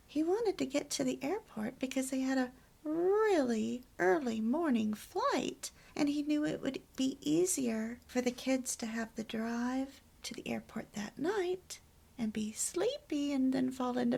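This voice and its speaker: Woman homemaking host, kinda slow, husky breathy voice, lots of near-whisper storytelling. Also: fairly high pitch, a little mellow. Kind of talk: personal storytelling talk.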